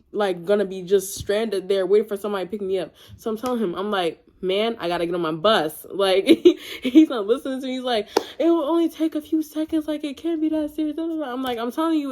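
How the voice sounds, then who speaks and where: A young woman in her teens talks straight to camera, telling a long story in a loose, chatty way. She slips quickly into quoted lines and asides, with a mid-pitched voice recorded close up. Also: a little mellow. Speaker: storytime vlogger. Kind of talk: casual storytelling.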